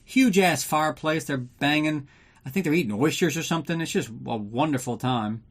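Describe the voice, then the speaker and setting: A man's voice: fairly high pitch, normal speed. Guy ranting on his movie podcast, sarcastic, swears a lot, has a drink going. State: drinking while recording. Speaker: podcast host. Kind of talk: casual movie recap podcast.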